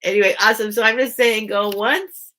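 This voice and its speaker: Bright-voiced chatty middle-aged woman. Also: medium pitch, fairly even intonation, a little fast. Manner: chatty, meandering, greets viewers by name. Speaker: host of a live vintage sale. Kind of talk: rambling live-stream chat.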